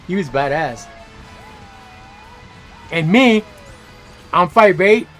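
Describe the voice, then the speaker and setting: A man streaming a game, telling stories in a casual, animated way, full of slang and swearing. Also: high voice, drawn-out words, soft background music. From Los Angeles area. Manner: animated, slangy, swears freely, laughs loudly. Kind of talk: casual storytelling chat while gaming.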